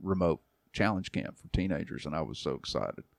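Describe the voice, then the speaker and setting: A man around sixty, a youth pastor, tells a long story in a relaxed podcast chat, acting out quoted voices and laughing often. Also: sits low, fairly quick, creaky, no room sound, studio quality. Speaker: youth pastor and church elder.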